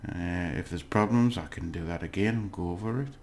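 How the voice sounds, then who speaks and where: A male language teacher, his voice very low, talks through a lesson recap casually and without a script. He often stops to gather his words and keeps patiently checking in with the listener.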